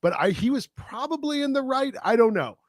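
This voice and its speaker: A man's voice: very high voice, big pitch swings, brisk, no room sound, clean studio sound. A man co-hosting a podcast, telling a story in casual chat in a wry, understated way. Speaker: podcast co-host.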